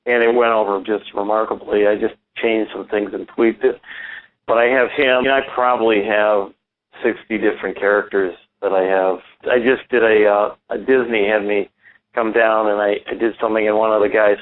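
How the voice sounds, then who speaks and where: A man's voice: fairly low pitch, fairly even intonation, fairly quick. A man who is a ventriloquist and school speaker, talking enthusiastically as a radio guest, rambling with many restarts. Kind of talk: casual radio interview. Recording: tinny phone-line sound.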